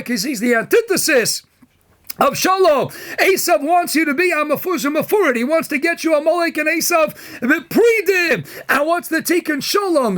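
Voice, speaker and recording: A man, a rabbi, giving a Torah lecture in an impassioned style, often raising his voice to a shout and acting out quoted voices. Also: extremely high pitch.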